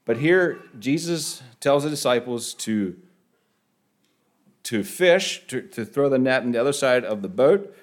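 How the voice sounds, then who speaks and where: Halting, lively-voiced male preacher. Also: medium pitch. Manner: halting, repeats words, lively rises on key phrases. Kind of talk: sermon.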